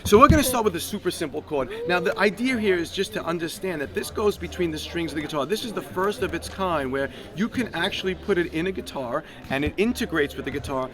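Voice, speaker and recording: A man's voice: high voice, expressive, fast talker, hardly any pauses, crowd noise. A man demonstrating his guitar product in an interview, upbeat and salesy, coaching a beginner step by step. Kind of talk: product demo with live guitar playing. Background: guitar playing.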